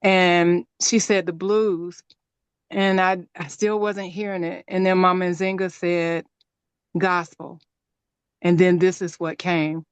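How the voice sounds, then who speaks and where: A woman introducing a song on a video call, telling its background in a gentle, unhurried way. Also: lowish voice, level tone, clear, resonant tone, no echo, lo-fi sound. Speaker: singer and poetry reader.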